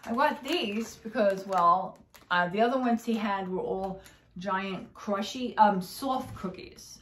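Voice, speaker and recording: A woman from New Jersey with a Jersey accent, telling stories in a casual, animated vlog and acting out both sides of conversations. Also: mid-range voice, slow, reverberant. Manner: animated, swears, acts out quoted exchanges. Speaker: vlogger. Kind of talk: casual chatty storytelling.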